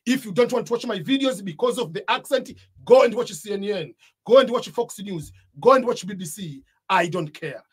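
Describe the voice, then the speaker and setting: A man with an East African accent coaching would-be YouTubers, speaking straight to camera. His voice has a husky, slightly rough edge, and he drives each point home by repeating it. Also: high voice. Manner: emphatic, repeats key points. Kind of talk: motivational talk to camera.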